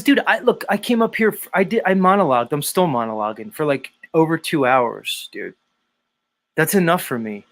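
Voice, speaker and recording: A man's voice: mid-range voice, a bit bright. A man hosting a live stream show, talking casually in a rambling, profane way and chuckling often.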